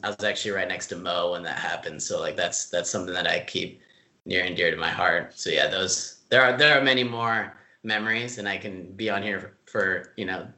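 A man telling stories in a casual interview, relaxed and full of fillers, laughing easily. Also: deep voice, a little fast, echoey room. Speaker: club staff member being interviewed.

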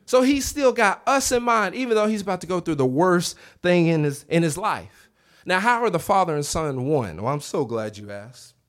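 Preaching a lively revival sermon in a church sanctuary, this man performs the quoted voices himself and urges the congregation to answer back. He has a high-sitting voice and keeps a moderate pace.

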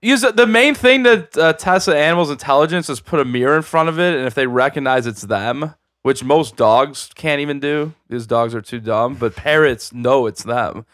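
A man in casual podcast chat, blunt and crude, quick to cut in with his own stories. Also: mid-range voice, fairly bright tone, dry recording, studio quality. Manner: blunt, crude, fast to jump in.

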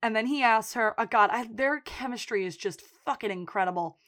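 A woman co-hosting a podcast, recapping a TV episode in casual chat, telling it with lively storytelling, acting out characters' lines and laughing often. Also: on the high side, brisk. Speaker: podcast co-host.

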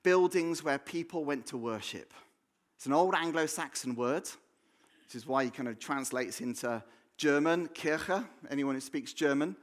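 A man's voice: fairly high pitch, a little slow. A man with an English accent preaching a sermon in a church, conversational and jokey, often restarting with repeated words. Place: church hall.

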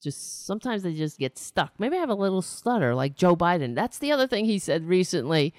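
A middle-aged woman hosting a political talk stream, rambling candidly with restarts and wry asides, her voice slightly raspy. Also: lowish voice, big pitch swings, brisk, no room sound, studio quality. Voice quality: raspy, nasal-edged voice she calls a rake on a chalkboard. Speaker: political talk show host. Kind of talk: casual live-stream monologue.

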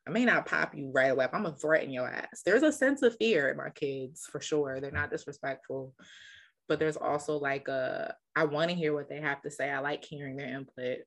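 A woman in her thirties with a notably low voice talks openly about raising her kids. She curses casually and mixes animated stories with quiet reflection. The talk is a relaxed, unscripted conversation. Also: a little fast. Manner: candid, profane, animated storytelling. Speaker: podcast co-host, preschool teacher. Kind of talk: casual chat.

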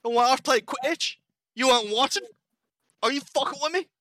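A man putting on a shouty New Zealand jock. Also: extremely high pitch, moderate pace, no room sound, clean studio sound, voice pushed up. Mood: mocking outrage. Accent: put-on New Zealand. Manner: shouty, aggressive, profane. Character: brash foul-mouthed young male Quidditch player.

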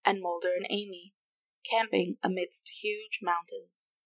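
A woman reading a story aloud as narrator, in an even, unhurried manner. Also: medium pitch, no room sound. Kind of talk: reading fan fiction aloud.

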